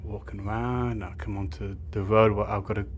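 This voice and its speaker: A man's voice: on the low side, level tone, fairly quick, a little hiss or hum. A young man telling a rambling, sweary story, with lots of filler words. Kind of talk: casual storytime monologue.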